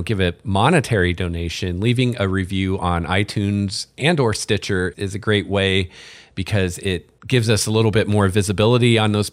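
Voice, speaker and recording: A male podcast host with a lowish voice talks in a relaxed, chatty way, dropping casual fillers and a bit of dry sarcasm. His voice is recorded close and dry. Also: no echo. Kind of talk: casual chat.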